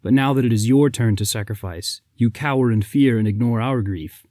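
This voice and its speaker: A man's voice: mid-range voice, brisk, mellow, dry recording, clean studio sound, natural voice. A man voicing an angry townsman who bitterly rebukes his king. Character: angry townsman speaking for the crowd.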